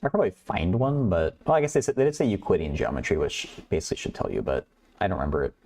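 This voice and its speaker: A man's voice: low-pitched, very animated, quick pace, darkish tone. A man hosting a math livestream, working through problems aloud while chatting with viewers and laughing often. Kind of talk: casual livestream problem-solving.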